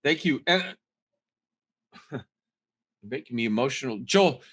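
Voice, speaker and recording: A man hosting a podcast from a video call. He rambles and swears freely, jumping between loud, playful teasing and quieter, heartfelt moments. His pitch sits in an ordinary middle range. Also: expressive, takes it slowly, breathy edge. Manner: loose, profane and rambling, swings from loud joking to soft emotional. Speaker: podcast host. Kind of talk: casual chat over a video call.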